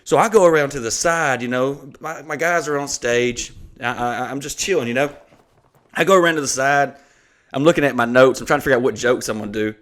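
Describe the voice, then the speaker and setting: Profane, rambling comedian telling a story. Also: male voice, medium pitch, fairly quick. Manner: rambling, profane, animated retelling. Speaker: comedian and podcast host. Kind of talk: casual storytelling.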